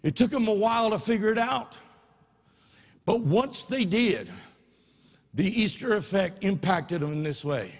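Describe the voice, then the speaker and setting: A man preaching a sermon, impassioned, swinging from soft asides to shouts. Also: high voice, animated, measured pace, pauses often. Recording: long reverb of a large hall.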